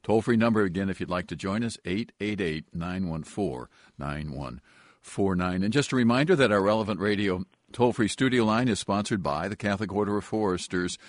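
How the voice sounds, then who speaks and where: Male radio host, low voice, dry studio sound, brisk reads, reflective questions. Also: lively intonation, dry recording. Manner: brisk announcer reads, then reflective asides. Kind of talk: radio talk show hosting.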